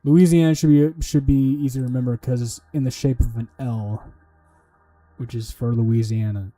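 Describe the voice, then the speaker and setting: Soft background music plays as this man studies on stream, his mid-range voice warm, fairly even, and at a normal speed. It's casual study talk where he mutters to himself, curses, and makes up joking memory tricks.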